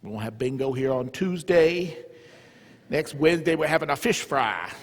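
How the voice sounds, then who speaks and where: A man with a Southern US accent imitating a pompous old monsignor, preaching in a slow drawl. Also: a little high, animated, slight background noise, close to an everyday voice. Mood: droning. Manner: slow drawling sermon delivery. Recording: reverberant church hall.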